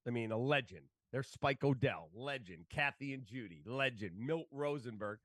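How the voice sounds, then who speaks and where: Man telling animated stories, dry sound. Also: mid-range voice, normal speed, hardly any pauses, dry recording. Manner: animated, acts out quoted voices. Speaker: guest, sports broadcaster. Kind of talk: casual storytelling.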